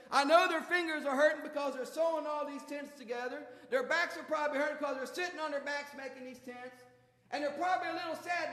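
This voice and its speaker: High-voiced preacher in an echoey hall. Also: male voice, a bit bright. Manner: folksy storytelling, colloquial. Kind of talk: sermon. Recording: echoey hall with long reverb.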